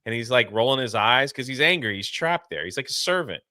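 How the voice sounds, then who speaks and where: A man co-hosting a casual movie review, retelling the plot in an animated way and acting out the characters' lines. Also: mid-range voice, a little fast, dry recording, clean studio sound. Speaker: podcast co-host.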